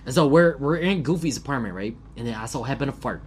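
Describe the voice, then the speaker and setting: A man chatting casually with a friend, swearing freely and tossing in quick reactions. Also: medium pitch, expressive, breathy edge. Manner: laid-back, swears freely, tosses in reactions. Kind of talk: casual chat.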